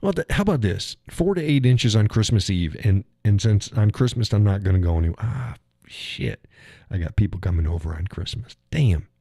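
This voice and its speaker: A man's voice: on the low side, animated, moderate pace, vocal fry, mellow, husky, dry recording, clean studio sound. A man hosting a live stream, rambling through a chat while recovering from a leg injury, swearing and chuckling as he tells stories. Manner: rambling, profane storytelling with chuckles. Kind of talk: casual chat reading viewer comments.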